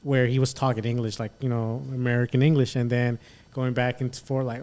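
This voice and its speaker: A man's voice: mid-range voice, little pitch movement, fairly quick, a little mellow. A man hosting a podcast, easygoing and chatty, with lots of short agreeing replies. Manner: easygoing, many short backchannels. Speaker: podcast host. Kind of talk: casual podcast chat.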